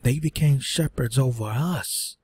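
A man's voice: medium pitch, unhurried, darkish tone, breathy edge. A man teaching a sermon, reading scripture aloud and breaking in with earnest rhetorical questions. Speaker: preacher.

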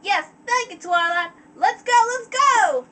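A woman's voice: very high-pitched, measured pace, far from the mic, slight background noise, pitched above the performer's own voice, heavily acted. Woman putting on a twangy little filly pony. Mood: eager pleading. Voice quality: put-on country twang. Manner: pleading, excitable. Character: eager little farm filly pony girl.

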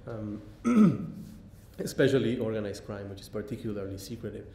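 A man giving a public lecture, pausing often with ums and restarting sentences. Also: expressive, mellow. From Mexico. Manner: halting, many ums and restarts. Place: lecture hall. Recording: echoey hall, faint rumble.

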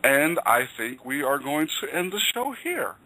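A man hosting a faith radio talk show, leading a prayer and signing off in a relaxed, casual way. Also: a little high, normal speed, poor audio. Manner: leads prayer, then relaxed sign-off banter.

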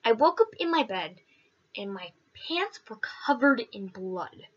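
Woman vlogger, lively swooping pitch, chatty rambling storyteller who acts out quotes. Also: measured pace, slightly rough, lo-fi sound. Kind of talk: casual storytelling.

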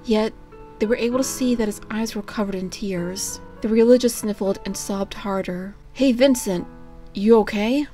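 A woman narrating a fan fiction reading in a steady, plain storytelling manner. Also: mid-range voice, moderate pace, faint music behind.

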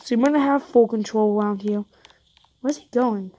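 A woman narrates a roleplay game as she plays it, talking straight to her viewers. Her voice sits a little high, and she turns jumpy at once, piling up quick panicked no's. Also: dark tone. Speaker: YouTuber playing a roleplay game. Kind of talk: live gameplay commentary.

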